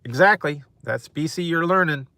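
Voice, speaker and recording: A man's voice: a little high, normal speed, sharp tone, dry recording. A man hosting a food mukbang, chatting casually with live viewers and rambling, chuckling often. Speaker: mukbang host.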